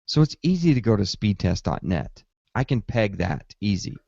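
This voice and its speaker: Podcast host, male, low voice, animated storyteller who acts out his reactions, dry and slightly dull recording. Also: normal speed, vocal fry, no room sound. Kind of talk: casual tech podcast chat.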